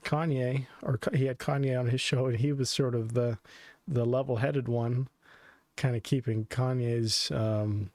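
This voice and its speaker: A man's voice: medium pitch, fairly even intonation, unhurried, a little mellow, no echo. A man co-hosting a casual podcast chat, talking in rambling, sarcastic runs and laughing often. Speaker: podcast co-host.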